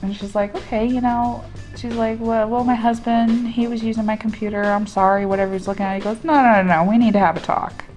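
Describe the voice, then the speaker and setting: A woman's voice: a little high, fast, few pauses, soft background music. Laughing woman telling a wild story. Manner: animated storyteller acting out quoted people, laughing often. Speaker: podcast co-host. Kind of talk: casual storytelling chat.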